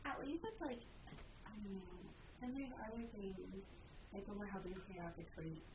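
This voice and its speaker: A woman co-hosting a podcast who chats casually and chimes in with quick remarks. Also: medium pitch, animated, a little mellow, a little hiss or hum, low-quality recording. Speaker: podcast co-host. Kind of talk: casual chat.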